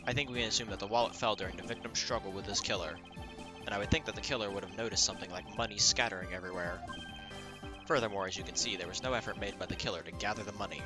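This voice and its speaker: A man voicing a calm, precise male prosecutor, measured and formal as he reads game dialogue aloud. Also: on the low side, over music, lightly acted. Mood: composed. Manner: measured and formal, deliberate deduction.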